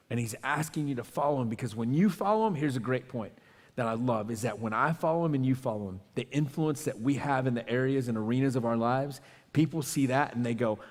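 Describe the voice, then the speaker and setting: A man preaching a sermon as a pastor, telling a story with animated, acted-out quotes and then praying quietly. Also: mid-range voice, long reverb tail.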